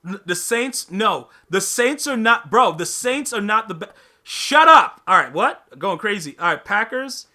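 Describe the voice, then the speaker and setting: A man's voice: sits high, animated, moderate pace, hardly any pauses, bright, forceful tone. A man hosting a live podcast stream, chatting casually with his viewers, using slang, repeating himself and teasing the chat.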